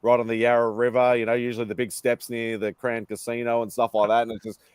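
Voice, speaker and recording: A man's voice: mid-range voice, flat delivery, quick pace, a little mellow, clean tone, no room sound. A man with an Australian accent hosting a casual livestream chat, rambling and restarting his sentences. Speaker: livestream host. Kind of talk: casual chat on a video call.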